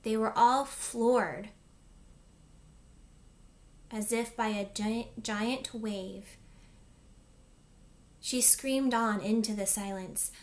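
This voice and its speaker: A woman teacher reading a chapter book aloud to her class in an expressive storytelling manner. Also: fairly high pitch, very slow, pauses often.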